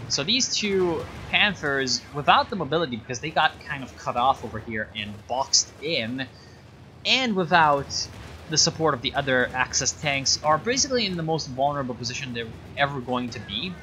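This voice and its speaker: A man's voice: medium pitch, animated, normal speed, bright, forceful tone, a little hiss or hum. A man casting a strategy game replay in a sarcastic, rambling way, full of fillers and asides. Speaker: game caster. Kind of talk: casual game commentary.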